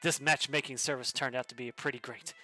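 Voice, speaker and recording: A man voicing a cheesy, smooth-talking man writing dating-site messages, read in a soft, hammy romantic tone. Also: medium pitch, fairly even intonation, brisk, pitched below the performer's own voice.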